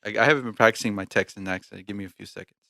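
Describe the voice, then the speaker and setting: Podcast co-host, male, lowish bright voice, jokey casual delivery, dry close sound. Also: fairly even intonation, racing, gravelly, no echo. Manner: jokey, slips into put-on accents. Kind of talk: casual chat.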